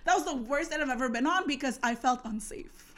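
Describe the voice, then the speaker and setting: A woman's voice: high-pitched, animated, brisk, a crowd in the background. A young woman telling a story in casual, slangy chat, acting out the voices of the people she quotes.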